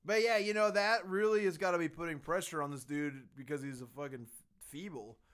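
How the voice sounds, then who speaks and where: A man co-hosting a casual podcast, telling a story in an animated, profane way with lots of laughter. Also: on the high side, a little fast. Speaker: podcast co-host.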